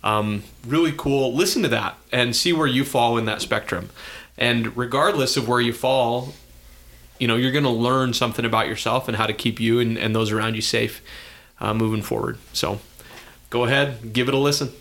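A man's voice: mid-range voice, normal speed, fairly bright tone. A man co-hosting a podcast in casual chat, running the plugs with dry, easygoing jokes. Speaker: podcast co-host.

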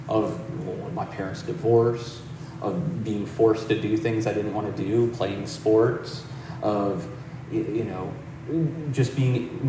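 A man giving a reflective meditation talk in a gentle, conversational way, telling a story as he goes. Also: on the low side, background noise. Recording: roomy hall, distant mic.

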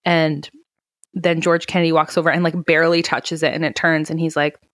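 A woman on a podcast walks through a film scene by scene, voicing the characters herself and swearing freely. Her voice sits fairly low, and the recording is dry and close with no room sound. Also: fairly quick, dry recording. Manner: animated retelling, swearing, acting out characters' lines. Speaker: podcast co-host. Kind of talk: casual movie recap chat.

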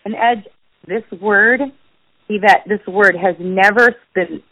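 A woman's voice: slow pace, no echo. A woman telling a personal story in conversation as a guest, vividly acting out the voices of others. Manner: animated, acts out quoted dialogue with big pitch jumps. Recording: dull lo-fi dry sound.

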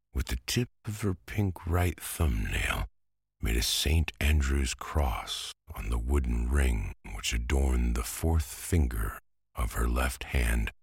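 A man narrating a classic novel as a bedtime story, soft and lulling. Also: rumbling low, creaky, slightly rough, dry recording, studio quality.

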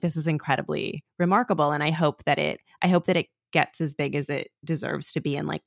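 A woman's voice: sits low, gravelly, fairly bright tone, no echo, studio quality. A woman podcast host praising her guest with effusive enthusiasm and casual swearing. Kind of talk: conversational interview.

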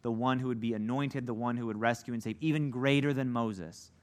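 Speaking a little fast in a mid-range voice, this preacher teaches a laid-back Bible lesson. His delivery is chatty and full of "like," and he performs the quoted lines of the story's characters.

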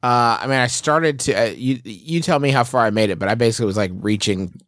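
A man's voice: mid-range voice, fast, a bit bright, no room sound, studio quality. A man playing a tabletop game, casual and joking. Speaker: player.

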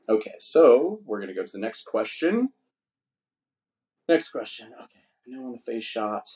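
An American man hosting a podcast, brash, excitable and swearing constantly. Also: medium pitch, moderate pace. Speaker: podcast host. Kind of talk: casual podcast chat. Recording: roomy room echo.

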